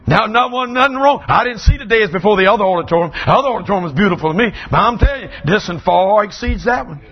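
An older man, preaching a revival sermon in a church auditorium, telling folksy stories that build into shouting. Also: high-pitched, expressive, quick pace, breathy edge, highs cut off. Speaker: pastor.

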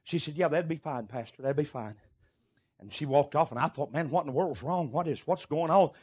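Preacher, middle-aged man, high voice, folksy sermon storytelling with shouts. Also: a little fast, breathy edge. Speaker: pastor.

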